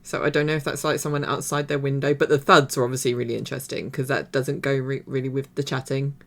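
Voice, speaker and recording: A woman's voice: extremely low pitch, little pitch movement, fast talker, fairly bright tone. A woman hosting a reaction video, chatting casually and rambling with many fillers and restarts. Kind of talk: casual commentary.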